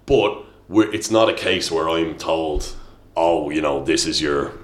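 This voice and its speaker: An Irish man in his thirties chatting as a podcast guest, telling animated stories and acting out quotes. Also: rumbling low, measured pace, a little hiss or hum. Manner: animated storyteller, acts out quotes loudly. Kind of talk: casual podcast chat.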